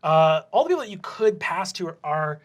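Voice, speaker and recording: A man's voice: a little high, big pitch swings, fairly quick. A man narrating and running a tabletop game as game master, casual with many fillers and swears.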